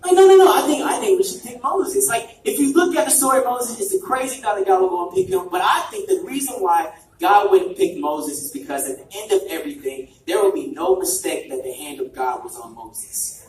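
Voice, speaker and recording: A man preaching in an energetic storytelling way to a young crowd, restarting phrases and shouting for emphasis. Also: high voice, fairly quick, few pauses. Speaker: church youth preacher. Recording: echoey hall, distant mic, background noise.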